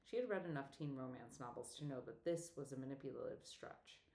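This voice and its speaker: Low-voiced woman reading an audiobook. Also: brisk, a little mellow. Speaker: audiobook narrator. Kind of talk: scripted audiobook narration. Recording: echoey room.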